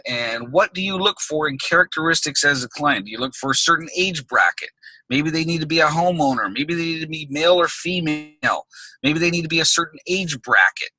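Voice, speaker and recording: A man's voice: a little high, bright, forceful tone, husky, no room sound, rough recording. A man coaching business owners on a group call, talking in an emphatic, conversational way and checking in with "okay?" between points. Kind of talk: recorded group call teaching.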